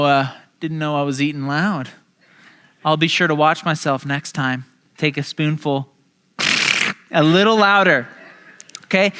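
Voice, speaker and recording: Chatty, bright-voiced male pastor. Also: high voice, smooth. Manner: casual, chatty, many fillers and restarts. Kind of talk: sermon with personal storytelling.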